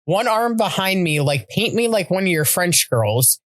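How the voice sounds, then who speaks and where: A woman co-hosting a podcast, chatting casually and telling animated stories with some swearing. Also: lowish voice, moderate pace, dry recording. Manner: animated storyteller, swears freely. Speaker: podcast co-host. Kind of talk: casual chat.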